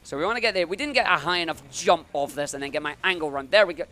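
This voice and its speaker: A man's voice: on the high side, lively intonation, very fast, bright, forceful tone. A man giving upbeat live commentary as he speedruns, talking through each move as he plays.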